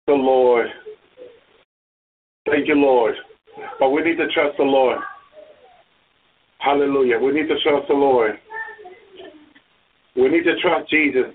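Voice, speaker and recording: A male preacher giving an impassioned sermon, breaking in with murmured hallelujahs and rising to loud cries. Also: on the high side, slightly rough. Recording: tinny phone-like radio sound from far off.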